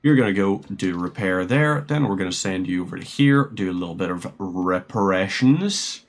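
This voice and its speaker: With a low, expressive voice at a moderate pace, a man streams a strategy game and offers casual commentary. He rambles chattily, musing aloud as he plays.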